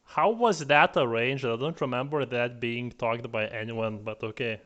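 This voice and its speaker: A man's voice: medium pitch, normal speed, fairly bright tone, dull audio. A man playing in a tabletop game, chatting casually with stammers and frequent laughs. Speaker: player. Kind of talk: casual chat.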